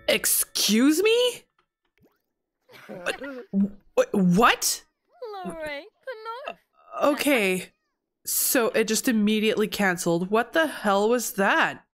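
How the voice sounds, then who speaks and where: A young woman hosting a gameplay video gives casual, chatty commentary in a medium pitch, reacting loudly in disbelief when surprises pop up.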